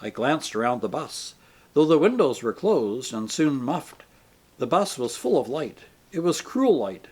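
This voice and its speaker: Expressive male audiobook narrator. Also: medium pitch, unhurried, slightly rough. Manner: expressive, animated reading.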